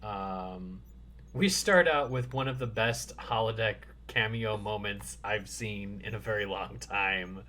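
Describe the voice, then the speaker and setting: A man hosting a casual podcast chat, relaxed and easygoing, laughing easily and walking through ideas step by step. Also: lowish voice, slow. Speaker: podcast host.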